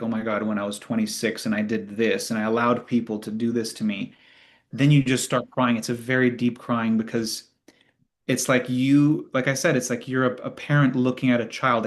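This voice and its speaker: A man hosting a spiritual Q&A, teaching in an earnest, conversational way and acting out inner thoughts. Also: mid-range voice. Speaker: host of spiritual Q&A.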